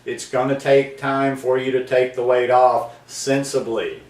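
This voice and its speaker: A man's voice: medium pitch, flat delivery, measured pace, distant mic. Earnest man vlogging in an echoey room. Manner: earnest, rambling, with many ums and restarts. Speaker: vlog host. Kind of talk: casual talking-to-camera monologue.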